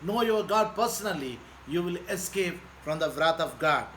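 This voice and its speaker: A man's voice: a little high, lively intonation, moderate pace, fairly bright tone, slight background noise, low-quality recording. A male pastor preaching a sermon, repeating phrases in an earnest, pleading way.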